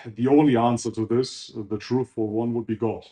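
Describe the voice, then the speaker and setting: A man being interviewed on a podcast, explaining his views in a steady, lecturing way. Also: mid-range voice, normal speed. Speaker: interview guest. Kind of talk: casual interview chat.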